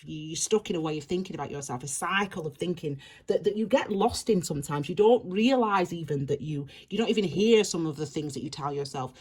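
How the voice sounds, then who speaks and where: A woman with a lowish voice and a breathy, husky edge giving an intuitive tarot reading. She thinks out loud, circles back and restarts her sentences often, in a reflective, unhurried manner. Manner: rambling, reflective, many restarts. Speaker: tarot reader.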